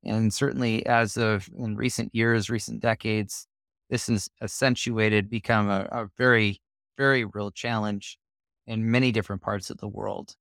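A man co-hosting a Bible lesson discussion, explaining his points in a measured way. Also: on the low side, little pitch movement, creaky, fairly bright tone, no room sound, studio quality. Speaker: co-host of a Bible study show.

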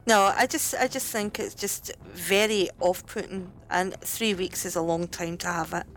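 A woman's voice: lowish voice, steady tone, normal speed, slight background noise. A woman with a European accent co-hosting a casual podcast chat, hesitant and repeating herself as she complains. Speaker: podcast co-host.

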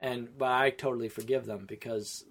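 A man co-hosting a casual film podcast, talking in a rambling, animated way and often breaking off and restarting mid-sentence. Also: medium pitch, normal speed. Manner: rambling, animated, self-interrupting. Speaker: podcast co-host.

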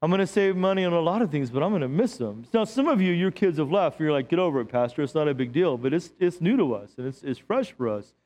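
A middle-aged man, a pastor, preaching a sermon in a church with lively, joking storytelling. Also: fairly high pitch, quick pace, few pauses.

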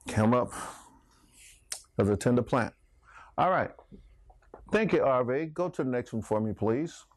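A man's voice: mid-range voice, no room sound. A middle-aged man teaching a Bible class in a folksy sermon style, asking the class questions. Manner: folksy, laughs often, asks the class questions.

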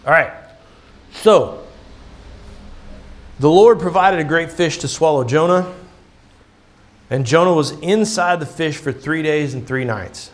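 A man delivers a loose, conversational sermon on a scripture passage. His voice sits a bit high for a man, and he keeps checking in with his listeners in an easygoing, chatty way. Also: a little slow, long pauses. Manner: casual, often asks "right?". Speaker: pastor.

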